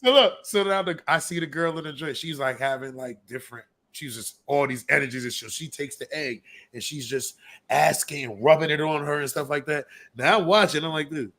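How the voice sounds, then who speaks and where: A man co-hosting a podcast, telling a story in animated casual chat and acting out the quotes. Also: on the high side, brisk. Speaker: podcast co-host.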